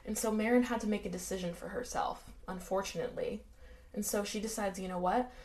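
Her voice is mid-range and brisk as she co-hosts a podcast, casually relating a true-crime tale. She's animated, swears freely and performs the quotes, with a little background noise behind her.

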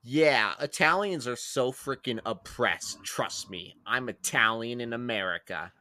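A man's voice: a little slow, sharp tone, no room sound. A man co-hosting a podcast in casual chat, swearing a lot and getting exasperated, his voice jumping up when worked up. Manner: profane, exasperated, jumps up in pitch when worked up. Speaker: podcast co-host.

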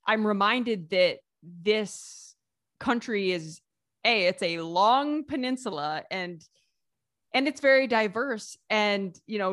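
American woman, relaxed chatty guest, laughs a lot, dry close sound. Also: mid-range voice, no echo. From United States. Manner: lively, laughs often, many fillers and restarts. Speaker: author and vlogger guest. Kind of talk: casual interview conversation.

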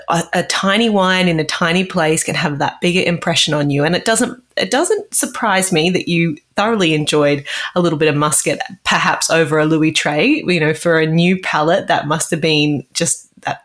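A woman's voice: on the low side, a bit bright. A woman hosting a casual interview, effusive and encouraging toward her guest. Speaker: host.

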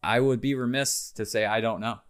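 A man's voice: mid-range voice, fairly even intonation, moderate pace, clean tone. A man co-hosting a casual sports podcast, joking around and making his game picks. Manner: jokey, makes game picks, briefly tries silly accents. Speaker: podcast co-host.

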